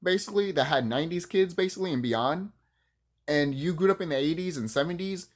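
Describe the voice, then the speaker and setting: A man's voice: a little high, brisk. A man from the United States ranting on his vlog in a heated, profane, preachy and rambling way. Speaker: vlogger. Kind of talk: unscripted rant to camera.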